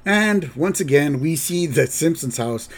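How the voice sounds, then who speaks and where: A man casually recapping a cartoon episode as a podcast host, halting and rambling. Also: on the high side, expressive. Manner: rambling, halting, with fillers and restarts.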